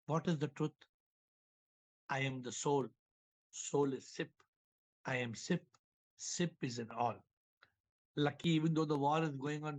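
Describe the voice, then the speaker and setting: A man giving a spiritual talk over a video call, telling parables with repetitions and chuckles. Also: on the high side. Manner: animated storyteller, repeats words, chuckles. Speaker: spiritual teacher.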